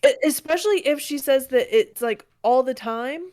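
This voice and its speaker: A woman's voice: high-pitched, moderate pace, darkish tone. A woman co-hosting a podcast in casual chat, emphatic and leaning hard on key words. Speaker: podcast co-host.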